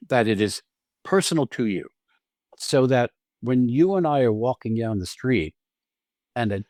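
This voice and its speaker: Animated man on a podcast, dry close sound. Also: medium pitch, no echo. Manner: animated, acts out quotes and lines, laughs often. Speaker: podcast co-host and acting teacher. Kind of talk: casual conversational podcast chat.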